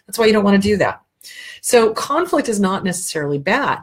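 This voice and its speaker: A woman's voice: medium pitch, big pitch swings, a little fast, slightly rough. A middle-aged woman with a cold, giving blunt, emphatic relationship advice in casual talk and swearing freely. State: has a cold.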